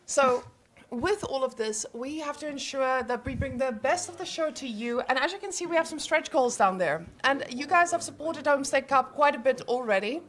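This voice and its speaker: A woman's voice: high voice, moderate pace, a bit bright. A woman hosting a live esports tournament stream, presenting to viewers in a chatty, upbeat way on a handheld mic in an event studio. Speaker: tournament host. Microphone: handheld microphone.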